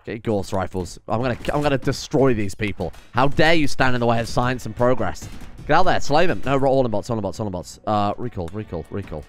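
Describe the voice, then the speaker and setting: A man giving casual let's-play commentary, often exasperated, swearing and swinging loud when things go wrong. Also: medium pitch, expressive, fast talker, soft background music. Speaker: gaming commentator.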